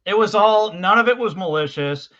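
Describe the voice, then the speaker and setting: This podcast co-host is a man whose voice is bright and fairly high, heard through a dull, lo-fi recording. At a normal pace and with lively intonation, he chats casually, meandering and hesitating as he starts sentences over.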